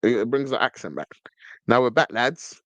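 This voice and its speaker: A man talks on his podcast in a casual, emphatic way. His pitch sits at a middle height, and his voice sounds close and dry, with no room echo around it. He often repeats words when he pushes a point. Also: lively intonation, normal speed, fairly bright tone, muffled recording. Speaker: podcast host. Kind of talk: casual commentary reading from a screen.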